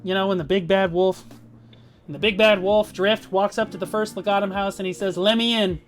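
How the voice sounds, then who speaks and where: A man's voice: sits high, fairly even intonation, brisk. A man talking casually on a livestream as a guild leader, rambling and swearing as he tells boastful stories. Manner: profane, rambling, boastful storytelling.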